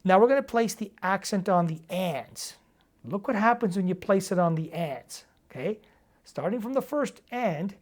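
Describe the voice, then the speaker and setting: A woman's voice: medium pitch, expressive, normal speed. A woman teaching drum rudiments, explaining and counting sticking patterns step by step in a casual, encouraging way. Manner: casual and encouraging, with fillers and check-ins. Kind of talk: instructional demonstration.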